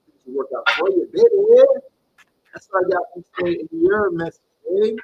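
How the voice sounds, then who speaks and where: A man's voice: high voice, sing-song, quick pace, vocal fry, dull audio, a little hiss or hum. A man giving live-streamed tarot readings in a slangy, encouraging way, greeting viewers and calling them baby. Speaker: tarot reader.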